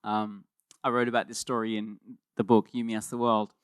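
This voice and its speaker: A man preaching a sermon as pastor, in a conversational and animated way, often repeating words as he starts a thought. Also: lowish voice, fairly quick, clean tone, no room sound, clean studio sound.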